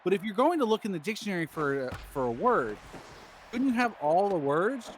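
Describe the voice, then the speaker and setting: A fast-talking man with a high-sitting voice co-hosts a game stream. He tells a rambling story, laughing and animated, and acts out the quotes.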